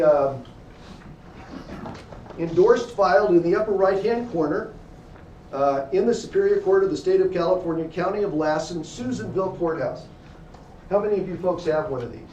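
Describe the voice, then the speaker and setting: A man's voice: a little high, a little mellow, highs cut off. A man lecturing a class as a defense attorney, telling emphatic stories and speaking directly to the students. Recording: echoey room, distant mic, faint hum.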